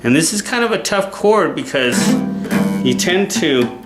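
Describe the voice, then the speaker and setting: A man's voice: fairly high pitch, a little slow. Man teaching guitar, checking in with "okay?". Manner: relaxed, repeats "okay?" to check in. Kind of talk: casual instructional talk. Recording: roomy sound with loud guitar playing. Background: guitar playing.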